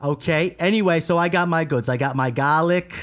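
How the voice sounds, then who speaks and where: A man's voice: on the high side, brisk, a bit bright. A man hosting a horror podcast, joking around and hamming it up with a put-on East Coast accent. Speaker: podcast host. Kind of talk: casual chat.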